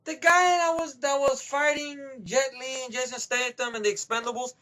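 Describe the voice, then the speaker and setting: A man's voice: very high-pitched, steady tone, moderate pace, pushed and bright. A man giving a rambling, profane movie review rant, heavy on emphatic opinions.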